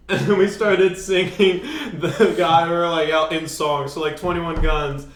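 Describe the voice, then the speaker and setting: A young man co-hosting a casual podcast, loud and emphatic as he tells a story. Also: a little high, steady tone, unhurried. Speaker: podcast co-host. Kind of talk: casual chat. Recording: echoey room.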